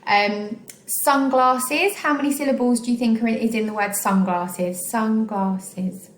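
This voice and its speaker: A woman teaching a recorded online phonics lesson, slowly sounding out each syllable of words for young pupils. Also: a little high, reverberant. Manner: slow, clearly sounding out syllables. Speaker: primary school teacher.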